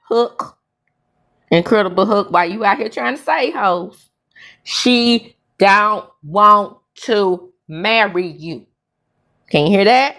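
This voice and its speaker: Slow-talking sassy woman recapping reality TV. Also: a bit bright. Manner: sassy, blunt, drawling with sudden high exclamations. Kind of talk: casual reality show recap commentary.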